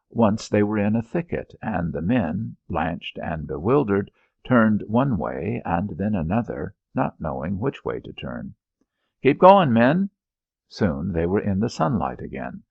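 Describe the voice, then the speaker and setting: A man narrating an audiobook in a measured, expressive storytelling manner. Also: deep voice, vocal fry, husky, no echo, highs cut off.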